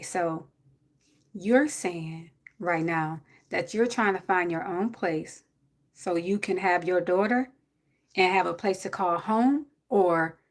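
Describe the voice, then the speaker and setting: A woman, giving blunt, preachy advice to a viewer on a casual livestream. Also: medium pitch. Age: 40s.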